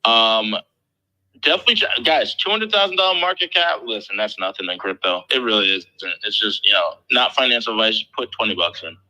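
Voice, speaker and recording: Male crypto show host, 30s, from the Philly area. Very bright, loose and profane. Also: fairly low pitch, a little fast, poor audio. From Philadelphia area. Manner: loose, profane, animated storytelling. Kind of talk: casual chat.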